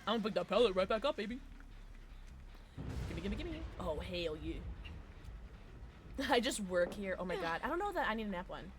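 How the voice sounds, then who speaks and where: Bubbly, lively young woman streamer. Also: mid-range voice, normal speed, long pauses, a little hiss or hum. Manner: bubbly, giggly, chatty with viewers. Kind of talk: casual gaming stream chat.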